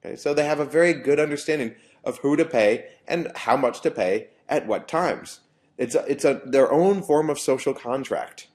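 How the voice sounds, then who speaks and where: A man's voice: medium pitch, animated, normal speed, darkish tone. A man, a professor, giving a university lecture in an explanatory way, often restarting phrases.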